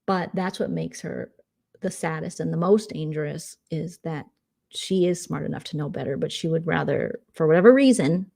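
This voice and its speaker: A woman vlogger gossiping casually, sarcastic and prone to tangents. Her voice sits on the low side for a woman. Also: gravelly, darkish tone. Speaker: vlogger host.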